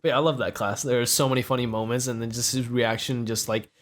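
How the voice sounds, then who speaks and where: A man's voice: medium pitch, fairly even intonation, fast talker. Young man rambling through a story. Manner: rambling, heavy use of filler words and swearing. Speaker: podcast host. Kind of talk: casual storytelling chat.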